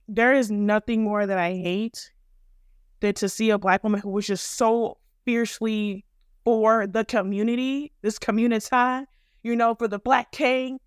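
Young black woman ranting on her podcast, smooth clear voice, dry mic, cusses a lot, very blunt. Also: mid-range voice, no room sound. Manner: blunt, profane and emphatic. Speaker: podcast host. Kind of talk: opinionated commentary monologue.

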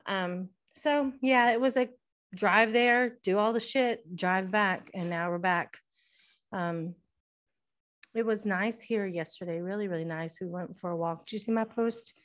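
A middle-aged woman, a podcast co-host in casual chat, telling an animated story, swearing freely and restarting often. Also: medium pitch, normal speed.

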